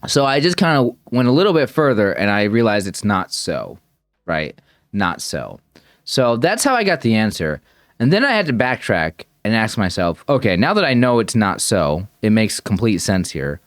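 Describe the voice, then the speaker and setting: A man's voice: on the low side, very animated, normal speed, no echo, clean studio sound. A man thinking aloud as he reacts to a puzzle video, rambling and correcting himself as he goes. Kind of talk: casual thinking-aloud commentary.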